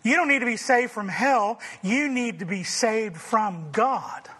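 A man preaching a sermon, emphatic and rising to forceful declarations. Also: sits high, unhurried, husky, big-room sound. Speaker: pastor.

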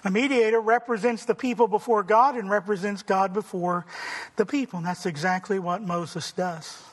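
A man preaching a sermon, emphatic and rising to forceful declarations. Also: high-pitched, steady tone, normal speed, big-room sound. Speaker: pastor.

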